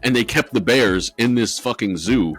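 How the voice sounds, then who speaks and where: A man's voice: medium pitch, moderate pace, faint music behind. A man co-hosting a podcast, telling a ghost story in rambling casual chat with lots of swearing and fillers. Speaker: podcast co-host.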